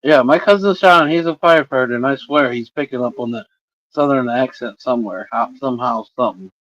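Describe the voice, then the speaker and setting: A man's voice: medium pitch, a little fast, dry recording, highs cut off. A man in his forties from Indiana hosting a livestream, chatting loosely with his viewers, rambling and swearing constantly. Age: 40s. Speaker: livestream host. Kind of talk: casual chat with viewers. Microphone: streaming setup microphone.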